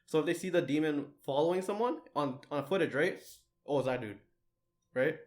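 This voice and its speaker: A man's voice: fairly high pitch, fairly quick, darkish tone. A young man co-hosting a casual podcast, retelling an anime plot with lots of fillers and restarts, acting out characters' lines as he goes. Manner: rambling, many fillers and restarts, acts out lines in quotes. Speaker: podcast co-host.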